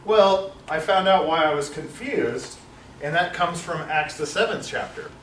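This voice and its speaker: A man's voice: a little high, unhurried, fairly bright tone, a little hiss or hum. A man leading a Bible study class, talking informally and correcting himself, with lots of fillers. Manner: rambling, self-correcting, with many fillers. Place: classroom with a large screen. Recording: echoey room, far from mic.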